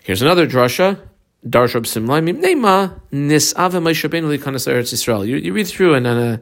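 A man's voice: fairly high pitch, big pitch swings, a little fast, vocal fry, fairly bright tone. A man teaching a Talmud class, reading each Hebrew or Aramaic phrase aloud and then explaining it in English. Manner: guides students through marking the text.

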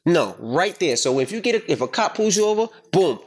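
A man's voice: sits high, brisk. Blunt, profane middle-aged man telling a story. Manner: emphatic, profane, animated retelling. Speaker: podcast host. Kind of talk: casual storytelling chat.

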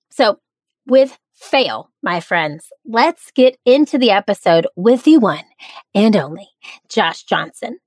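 A woman's voice: medium pitch, dry recording. A woman hosting a podcast, with a nasal twang and an upbeat, playful way of talking. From American South and Midwest. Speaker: podcast host. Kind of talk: podcast intro and host talk.

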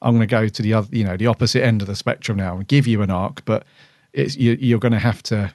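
A man's voice: fairly low pitch, fairly even intonation, fast talker, a little mellow, no echo, studio quality. A man co-hosting a podcast, chatting casually and giving his opinions with lots of fillers. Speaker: podcast co-host. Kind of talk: casual chat.

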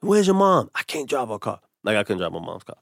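Guy with a lowish voice telling a story on a podcast, acts out what everyone said, dry close sound. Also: fast, creaky, no room sound. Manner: animated storyteller acting out quotes. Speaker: comedian guest. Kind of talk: casual storytelling.

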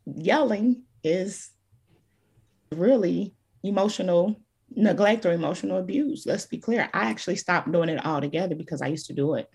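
A woman's voice: mid-range voice, gravelly, darkish tone, breathy edge. A woman guest on a podcast, telling her story in an emphatic and candid way. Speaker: podcast guest, childhood trauma advocate. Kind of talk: conversational podcast interview.

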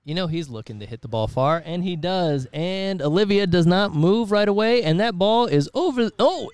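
A man's voice: sits high, animated, moderate pace, darkish tone, clear, resonant tone, no echo. A man giving casual color commentary, teasing his partner. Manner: teasing, banter.

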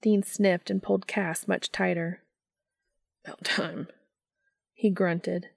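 Slow, gravelly woman reading a story. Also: lowish voice, level tone, a little mellow, no room sound, studio quality. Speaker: reader. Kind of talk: reading fan fiction aloud.

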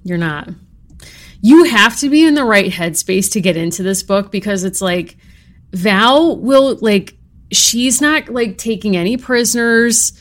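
A woman's voice: medium pitch, expressive, a little slow. Wry, dramatic woman podcast co-host. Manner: wry, dramatic, exasperated humor. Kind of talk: casual podcast chat, reading a book aloud.

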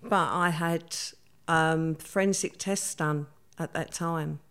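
A woman's voice: deep voice, fairly even intonation, takes it slowly, a bit bright, smooth. An older woman, telling her story as an interview guest in a plain-spoken way and acting out what people said. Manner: plain-spoken, acts out quoted dialogue.

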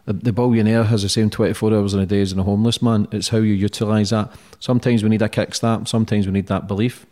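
A man hosting a podcast, talking bluntly and warmly, swearing freely as he praises his guest. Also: fairly low pitch, little pitch movement, quick pace. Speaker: podcast host. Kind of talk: casual interview chat.

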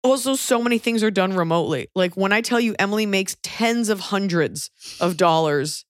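A woman co-hosting a casual podcast, giving advice in quick, joking rapid-fire questions. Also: mid-range voice, dry recording, studio quality. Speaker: podcast co-host.

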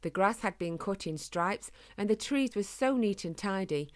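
A woman reading a children's storybook aloud in a gentle, measured way. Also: mid-range voice, expressive.

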